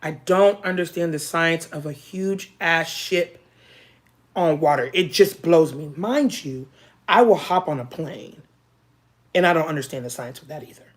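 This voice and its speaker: A woman's voice: low voice, a little slow. An American woman hosting a casual live stream, chatting frankly and joking as she reads viewers' comments aloud. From United States. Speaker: livestream host.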